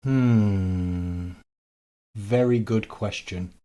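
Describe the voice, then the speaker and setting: A man, a fitness coach co-hosting a podcast, talking in casual chat with punchy loud stresses and quiet asides. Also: fairly low pitch, drawn-out words.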